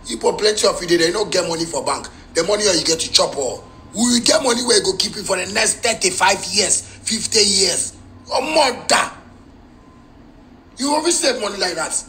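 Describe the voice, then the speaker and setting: Man, Ghanaian Pidgin accent, live video rant, heated and confrontational, slightly high voice. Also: bright, forceful tone, slight background noise, low-quality recording. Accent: Ghanaian Pidgin English. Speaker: musician.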